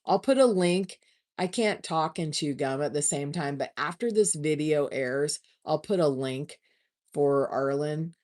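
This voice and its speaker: A woman hosting a casual livestream, chatting warmly with viewers and often restarting her words. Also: sits low, lively intonation, a little slow. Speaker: livestream host.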